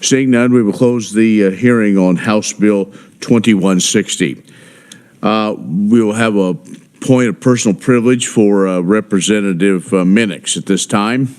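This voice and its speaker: A deep-voiced man runs a committee hearing in a legislative room, moving through procedure in a halting way with frequent pauses. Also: darkish tone. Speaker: committee chairman. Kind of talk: chairing a hearing.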